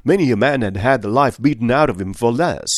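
A man's voice: medium pitch, lively intonation, a little fast, no room sound, studio quality, pitched above the performer's own voice, lightly acted. A man reading an audiobook voices a nervous, secretive miner who talks with urgency. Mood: warning. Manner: urgent and hushed at times. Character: nervous middle-aged male miner, secretive.

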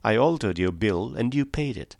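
A man's voice: on the low side, lively intonation, normal speed, gravelly, darkish tone, no echo, clean studio sound. A man voicing a small, mild country priest in an audiobook, speaking simply and apologetically. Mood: calmly firm.

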